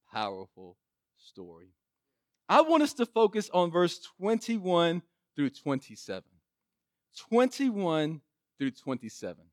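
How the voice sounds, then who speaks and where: A male preacher with a high voice tells a scripture story in an animated way, his pitch swinging widely. The sound is dry and close, with no room echo. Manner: animated retelling, frequent restarts. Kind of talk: sermon storytelling.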